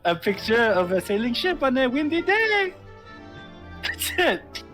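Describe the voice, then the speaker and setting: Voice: sits high, measured pace, faint music behind. A game streamer bantering and teasing their co-player. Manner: teasing, giggly, animated. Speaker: gaming streamer. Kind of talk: casual let's-play banter.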